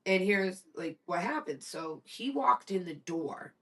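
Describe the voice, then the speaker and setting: A woman's voice: on the low side, animated, unhurried, a bit bright. A woman in her forties, co-hosting a podcast, telling a story bluntly, swearing freely and acting out what people said. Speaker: podcast co-host. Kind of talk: casual storytelling chat. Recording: voice a bit distant from mic.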